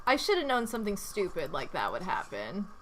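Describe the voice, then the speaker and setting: A woman doing casual gameplay commentary as a streamer, chatty and prone to loud exasperated outbursts. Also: medium pitch, wildly swooping pitch, fairly quick, noisy background. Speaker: game streamer.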